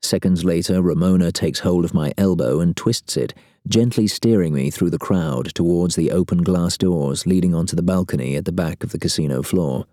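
A man reads a first-person novel with wry, sardonic timing. His voice sits very low and sounds mellow and dark. The recording is close and dry. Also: moderate pace, dry recording. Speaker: audiobook narrator. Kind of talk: first-person audiobook narration.

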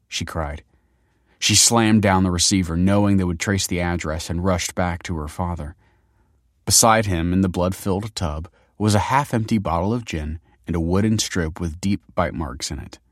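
A man narrating a dark, scripted story in a steady, grave manner. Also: low voice, normal speed, no room sound, clean studio sound.

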